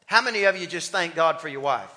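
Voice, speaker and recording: Male pastor, high and very bright voice, fervent sermon delivery, long church reverb. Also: expressive, quick pace. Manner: impassioned, calls on the congregation to respond. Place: church sanctuary.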